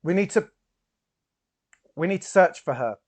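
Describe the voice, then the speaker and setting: A man's voice: high-pitched, animated, a little slow, voice pushed up. A man playing a determined woman taking charge. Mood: urgent. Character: determined woman organizing a search.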